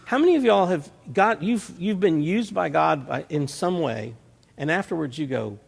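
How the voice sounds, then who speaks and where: A man's voice: fairly high pitch, animated, moderate pace, gravelly, breathy edge. A male pastor, preaching a folksy, conversational sermon built on homely analogies. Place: church sanctuary. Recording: reverberant church hall.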